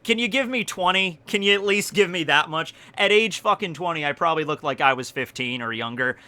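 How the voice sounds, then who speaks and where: Excitable young man telling stories. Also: a little high, brisk. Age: 20s. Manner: excitable, swears often, laughs through the story. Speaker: YouTuber. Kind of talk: casual storytelling vlog.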